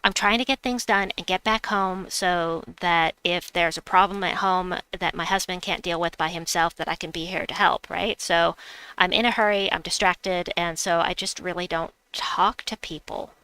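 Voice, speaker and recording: Middle-aged lady streaming a game, chatty and giggly, crisp smooth voice, super dry mic. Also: on the low side, steady tone, normal speed, hardly any pauses, sharp tone, no echo. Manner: chatty, giggly, self-mocking. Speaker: livestream gamer host. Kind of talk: casual live-stream chat, reading chat aloud.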